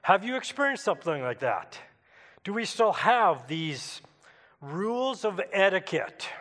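A man's voice: high-pitched, sing-song, measured pace, a bit bright, big-room sound. A Canadian man preaching a sermon in a church, telling a personal story in a conversational way and asking the congregation questions. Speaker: pastor.

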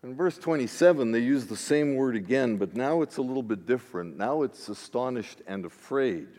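A man, a pastor, preaching a sermon in an expressive style that swings between hushed asides and emphatic declarations. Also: mid-range voice, moderate pace. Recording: long reverb of a large hall.

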